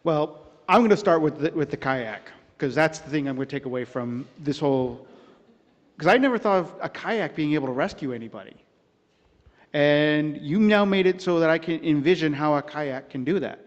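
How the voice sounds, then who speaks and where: A man's voice: a little high, animated, normal speed. A man on a video call giving casual feedback on a story, hesitant and restarting his sentences. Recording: dull lo-fi audio with long reverb.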